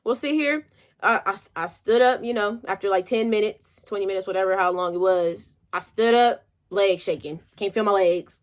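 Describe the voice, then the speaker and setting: A woman's voice: mid-range voice, steady tone, normal speed, hardly any pauses. A young woman vlogger telling a motivational story in a chatty, colloquial way.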